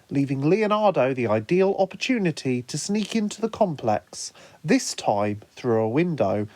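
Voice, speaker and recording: A man narrating his own fan story in a lively storytelling manner. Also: fairly high pitch, no echo. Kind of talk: fan audiobook reading.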